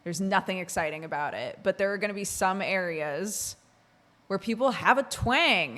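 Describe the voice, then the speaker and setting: A woman's voice: medium pitch, animated, moderate pace, fairly bright tone. Chatty, rambling woman streamer. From Oregon. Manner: chatty, rambling, laughs often, lots of fillers. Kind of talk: casual chat with chat.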